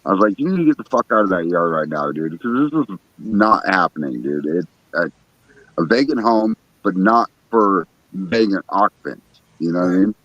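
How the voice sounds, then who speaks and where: A deep-voiced man chats on a livestream from his backyard at night and tells a profane story, acting out the other voices as he goes. His voice is dry and close, and the stream audio is dull and lo-fi. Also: expressive, normal speed, fairly bright tone, no echo. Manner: profane storytelling, acts out other people's lines. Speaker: livestream host. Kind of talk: casual livestream chat.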